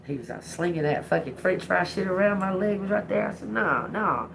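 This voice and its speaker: Brief: middle-aged woman hosting a livestream, low-pitched with a raspy edge, blunt, animated storyteller. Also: quick pace, background noise. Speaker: livestream host. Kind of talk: casual storytelling monologue.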